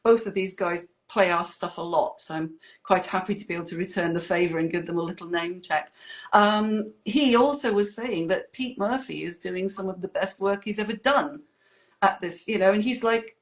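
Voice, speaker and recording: A woman's voice: medium pitch, normal speed. Chatty woman, rambling asides. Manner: rambling, warm, self-deprecating asides. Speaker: band member, guest. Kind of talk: casual interview chat.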